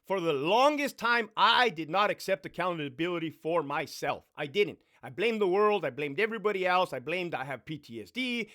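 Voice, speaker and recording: Profane, animated man ranting a story. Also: normal speed, few pauses. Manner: profane, animated, swings between loud bursts and low mutters. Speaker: vlogger telling a story. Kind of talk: casual storytime rant.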